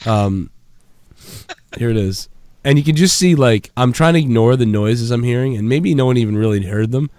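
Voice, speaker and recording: A man's voice: medium pitch, moderate pace, a little mellow, no room sound, studio quality. A man hosting a podcast from his home basement, telling long rambling stories full of swearing and laughter. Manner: rambling, profane, laughs a lot. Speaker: podcast host. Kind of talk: casual chat.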